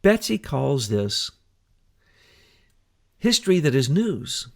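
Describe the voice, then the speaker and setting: A man co-hosting a talk show, talking in an animated, emphatic way with rhetorical questions. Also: mid-range voice, takes it slowly, gravelly. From United States. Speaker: co-host. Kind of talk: conversational talk show discussion.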